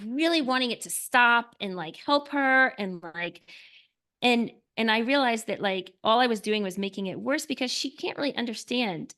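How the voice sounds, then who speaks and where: A woman author talking earnestly as a podcast guest, often filling with "like" and dropping to a soft hush when describing calm. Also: fairly high pitch. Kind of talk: podcast interview.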